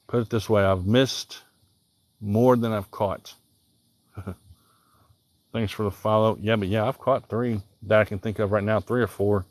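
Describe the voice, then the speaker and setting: A man with a mild Southern accent talks in a low, easygoing voice and rambles casually while he fishes. He thinks aloud and answers viewers on a live stream outdoors. Crickets chirp faintly in the background. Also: steady tone, measured pace, long pauses, a little mellow, no echo. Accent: Southern American. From Southern Illinois. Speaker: livestreaming angler. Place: outdoors by the water.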